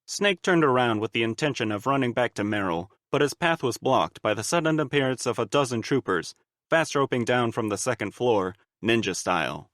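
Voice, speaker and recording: A man reading a fan-made audiobook in a steady, even storytelling manner. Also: mid-range voice, a little fast, dry recording, studio quality. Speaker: audiobook narrator.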